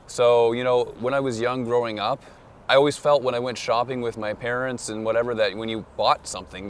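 A man from Eastern Canada, a guest explaining in a relaxed way during a walking interview on a city street. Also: lowish voice. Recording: faint traffic noise outdoors.

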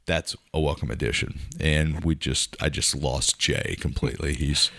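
A man's voice: very deep voice, steady tone, normal speed, vocal fry, a bit bright, dry recording. A man co-hosting a podcast in casual tech chat, chatty, with nerdy asides and self-corrections. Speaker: podcast co-host.

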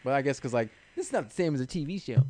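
A man co-hosting a casual chat, talking in crude, quick bursts and restarting his sentences. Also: mid-range voice, lively intonation, warm tone. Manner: fast, crude, cuts himself off and restarts.

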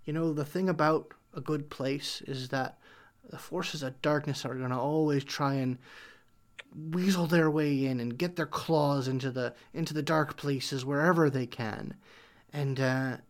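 A man's voice: steady tone, measured pace. A man doing a stammering folksy tavern local. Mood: wary. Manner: stammering, folksy, lowers voice to a hush. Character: nervous kindly male tavern local.

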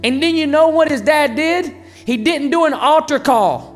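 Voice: high voice, moderate pace, soft background music. Emphatic conversational preacher. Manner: conversational and emphatic, with sudden swings in volume. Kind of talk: sermon.

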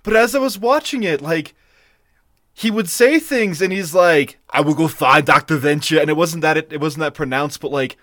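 A man's voice: a little high, expressive, moderate pace, fairly bright tone, dry recording, clean studio sound. A man co-hosting a podcast, rambling loosely and laughing as he talks through his favorite moments. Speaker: podcast co-host. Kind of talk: casual chat.

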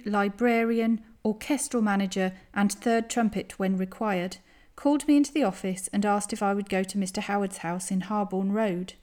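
Woman narrator for a memoir reading, steady and careful. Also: medium pitch.

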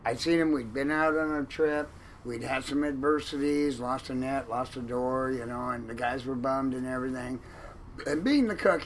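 A man telling a long story in an interview about his time as a fishing boat cook, animated and acting out the lines of others. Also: fairly high pitch, a little hiss or hum, rough recording. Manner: animated, acts out quoted lines loudly.

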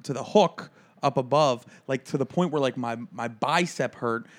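Stammering, animated male podcast co-host. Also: mid-range voice, normal speed. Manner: animated storyteller, acts out quotes loudly; stammers and restarts. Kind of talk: casual chat.

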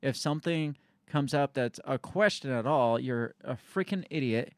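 A man's voice: medium pitch, normal speed, dry recording, clean studio sound. A man co-hosting a podcast, ranting and swearing in exasperated casual chat. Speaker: podcast co-host.

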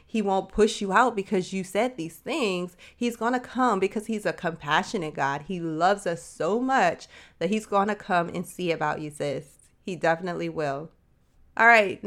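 A woman's voice: mid-range voice, fairly bright tone. A woman giving a casual Bible teaching, talking conversationally and acting out Bible figures in everyday speech. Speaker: host of a faith series for women.

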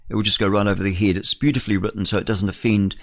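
A man's voice: on the low side, steady tone, rapid-fire. A male radio host delivering a rambling, opinionated solo monologue in a studio, often chuckling at his own remarks.

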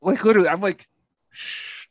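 A man with a fairly high voice, recorded dry and close with almost no room sound. He spins long tangents in easygoing chat, padding every line with "like" and dropping the odd curse. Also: brisk, dry recording. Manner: rambling storyteller, heavy on "like" and swearing. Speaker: former camp counselor telling stories. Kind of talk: casual chat.

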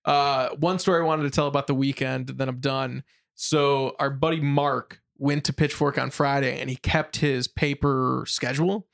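A young man, chatting casually on a show and telling animated stories about his weekend, acting out his friends' voices. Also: mid-range voice, moderate pace, gravelly. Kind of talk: casual chat.

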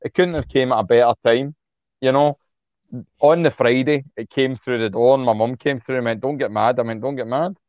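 A man's voice: mid-range voice, steady tone, fairly quick, smooth, no room sound, narrow, tinny audio. A man, speaking bluntly and heatedly as an interview guest, swearing freely and repeating himself when worked up. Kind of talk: impassioned casual interview talk.

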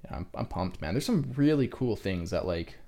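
A man's voice: fairly low pitch, animated, moderate pace, warm tone. A young man co-hosting a podcast, chatting casually and rambling with lots of fillers and casual swearing. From Canada. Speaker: podcast co-host. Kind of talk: casual chat.

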